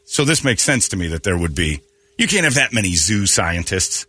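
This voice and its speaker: A man hosting a morning radio show, telling jokey stories with loud put-on impressions. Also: low-pitched, very animated, normal speed, slightly rough, no room sound. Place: radio studio.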